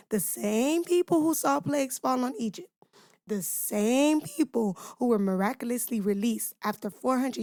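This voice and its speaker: A woman's voice: a little high, no room sound, clean studio sound. A woman hosting a devotional podcast, teaching scripture in an emphatic preaching cadence, asking her listeners rhetorical questions and speaking to them directly and informally.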